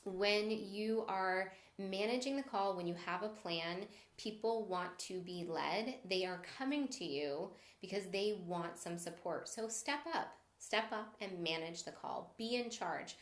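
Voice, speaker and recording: A woman's voice: mid-range voice, unhurried, few pauses, echoey room. A woman sales coach giving a live-stream training, upbeat and encouraging, stopping to greet viewers as she teaches.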